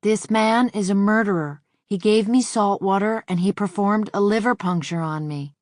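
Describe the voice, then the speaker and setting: A woman's voice: medium pitch, moderate pace, a little mellow, no echo, close to an everyday voice. A trembling male witness pleads meekly with the court, close to tears, as a woman narrator reads his words. Her delivery stays close and dry in the recording. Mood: pleading. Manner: meek, pleading. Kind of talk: scripted audiobook narration.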